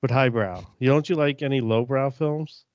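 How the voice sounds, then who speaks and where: A man's voice: mid-range voice, normal speed, darkish tone, no echo. A man co-hosting a casual podcast chat, joking and playfully argumentative. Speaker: podcast co-host. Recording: dull dry sound.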